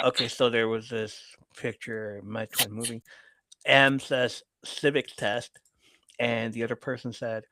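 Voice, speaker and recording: A man's voice: medium pitch, a bit bright, dry recording. A man hosting a live podcast, casually reading viewer messages aloud and laughing often. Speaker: podcast host reading chat. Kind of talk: casual live-stream chat.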